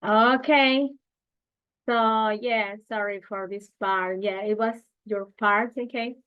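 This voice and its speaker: A woman's voice: mid-range voice, steady tone, takes it slowly, clean tone, dull audio. A woman teaching English speaking practice, who keeps checking in with "okay?" and reads model sentences aloud for students to repeat.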